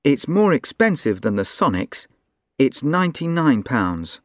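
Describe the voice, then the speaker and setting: A man's voice: mid-range voice, very animated, a little slow, no echo, clean studio sound. A man acting as a polite, helpful shop assistant and reporter in a scripted textbook dialogue.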